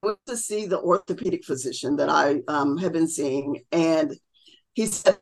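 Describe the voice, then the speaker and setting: A woman's voice: sits low, moderate pace, darkish tone. Interview guest, middle-aged woman, chatty storyteller who acts out quotes. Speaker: podcast guest.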